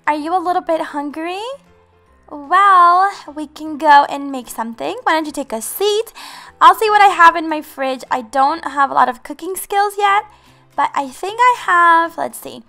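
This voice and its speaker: A woman's voice: extremely high pitch, animated, moderate pace, bright, forceful tone, soft background music. A woman hosting a game channel, giving bubbly, giggly roleplay commentary to her viewers.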